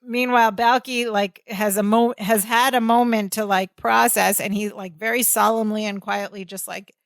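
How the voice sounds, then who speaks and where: A woman's voice: mid-range voice, fairly even intonation, normal speed, vocal fry, no room sound, studio quality. A woman co-hosting a podcast, casually retelling a sitcom episode scene by scene, with lots of "like". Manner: chatty storytelling with frequent "like". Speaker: podcast co-host. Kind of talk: casual episode recap chat.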